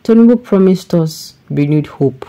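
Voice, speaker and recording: A woman's voice: fairly low pitch, animated, normal speed, mellow. A woman with a Nigerian accent, reading a news report and then giving emphatic, exasperated commentary with pidgin phrases.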